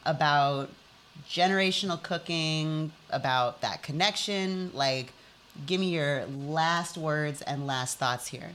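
A woman hosting a podcast, talking slowly in a low, bright, forceful voice. She is effusive and encouraging, and says "y'all" to her listeners. There is a faint hiss of noise behind her. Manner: warm, effusive, drawls "y'all". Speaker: podcast host. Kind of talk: casual interview chat.

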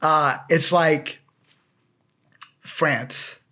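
A man's voice: fairly high pitch, fairly even intonation, extremely slow, bright, forceful tone, husky. A man co-hosting a podcast in casual chat, joking and rambling with lots of fillers. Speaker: podcast co-host.

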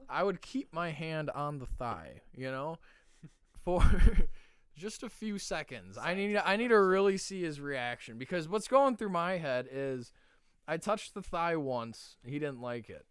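Lively higher-voiced young man. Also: a little slow, clean tone, no room sound, studio quality. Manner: animated, swearing, laughing a lot. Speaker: podcast co-host. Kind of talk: casual chat.

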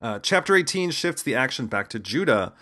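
A man's voice: mid-range voice, big pitch swings, a little fast, sharp tone. A man giving humorous scripted narration, sliding in wry, casual asides.

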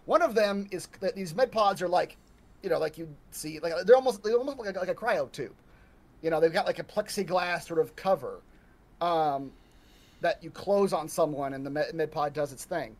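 A man narrating a tabletop horror game as game master, halting and full of restarts. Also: fairly high pitch. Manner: halting, restarts mid-sentence, many ums.

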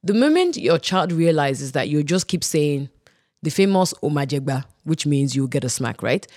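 A podcast host who talks with a lot of movement in pitch and laughs easily. They pull the guest's points together and open new questions. The recording is close and dry. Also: sing-song, moderate pace, a little mellow, dry recording. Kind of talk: casual podcast discussion.

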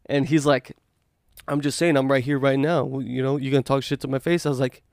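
A man hosting a podcast, telling a story in animated casual chat, acting out quotes and swearing freely. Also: medium pitch, fairly quick, creaky, dry recording, clean studio sound. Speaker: podcast host.

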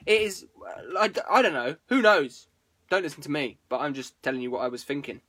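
A man hosts a live stream, rambling casually to his viewers, swearing freely and breaking off his own sentences. His voice is fairly high and a bit bright, and he talks fairly quickly.

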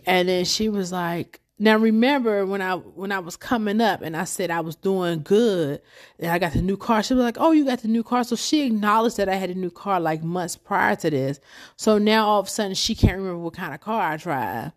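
A woman's voice: medium pitch, moderate pace. A young woman hosting a podcast, telling a personal story in a rambling, chatty, emotional way. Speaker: podcast host.

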